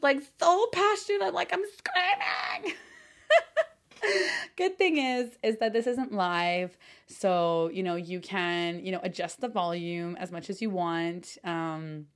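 A woman hosting a solo podcast as a coach, talking effusively with lots of fillers and casual swearing, sometimes near shouting with excitement. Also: on the low side.

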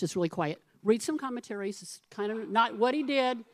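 A middle-aged woman pastor preaching a sermon, her voice pitched a little high and recorded dry and close. She speaks conversationally, asks her listeners questions and acts out the people in her stories with lively shifts. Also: fairly quick, hardly any pauses, no room sound. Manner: animated storytelling, acting out voices of the people in her parable.

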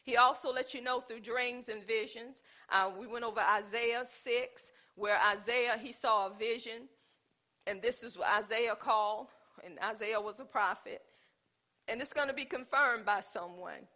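A woman's voice: fairly high pitch, normal speed. A woman preaching a sermon in a conversational, storytelling way, speaking. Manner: animated, conversational, with dialect and storytelling.

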